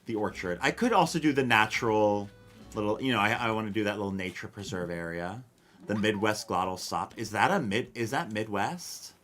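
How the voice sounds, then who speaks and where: With a lowish voice and a fairly bright tone, this man plays a cozy game on stream. He chats casually about the gameplay and reads chat, answering in a rambling, self-questioning, wry way with casual swearing.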